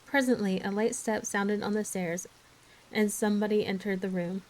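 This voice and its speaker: A woman narrating a classic novel in a soft, even storytelling manner for an ASMR book reading. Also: medium pitch, moderate pace, rough recording. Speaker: ASMR reader.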